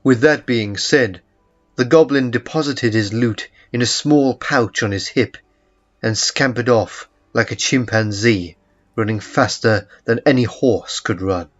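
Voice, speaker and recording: Male audiobook narrator, measured delivery, unhurried, soft background music. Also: mid-range voice. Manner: slow, measured storytelling. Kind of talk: first-person audiobook narration. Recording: muffled lo-fi recording with faint music.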